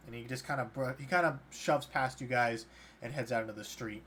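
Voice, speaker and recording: A man's voice: mid-range voice, brisk, a bit bright, slight background noise. Casual male game master narrating. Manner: casual, many fillers like "kinda".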